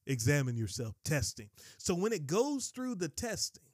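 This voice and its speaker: A man preaching a sermon in an emphatic, conversational way, rising to high excited bursts. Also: normal speed, heavy background noise. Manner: conversational, addresses listeners as bro.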